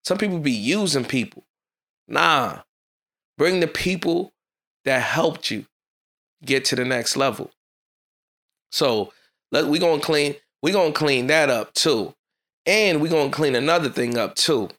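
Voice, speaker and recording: A man hosting his own podcast, giving a fast, fired-up motivational talk in a casual street style. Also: a little high, animated, a bit bright. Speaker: podcast host.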